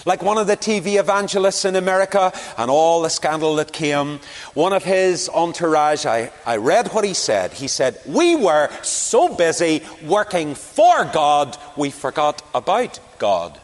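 A Northern Irish preacher delivers a sermon built on anecdotes from his own encounters. His pitch sits in the middle but swings widely as he tells each story. The voice carries a long reverb through a church hall. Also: animated, normal speed. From Northern Ireland.

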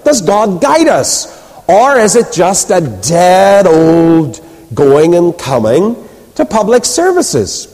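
A man's voice: high voice, slow. A man preaching a sermon, telling stories and asking rhetorical questions. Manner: animated storytelling, rhetorical questions, acts out quoted voices. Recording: reverberant hall.

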